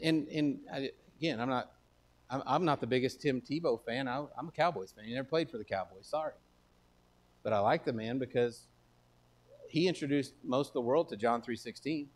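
This Texas pastor has a medium-pitched voice and a brisk pace. He delivers his sermon in a homey, chatty manner with a Texan accent, building up to forceful pronouncements.

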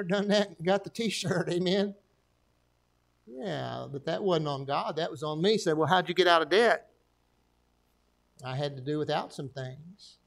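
An older man, a pastor preaching a folksy sermon and telling stories with jokes and asides. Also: a little high. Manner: folksy, joking storyteller with frequent asides.

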